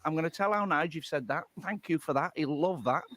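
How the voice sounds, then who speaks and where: Man impersonating a blunt older football manager, dry cutting quips, teasing, slightly high pitch. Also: brisk, fairly bright tone, close to an everyday voice.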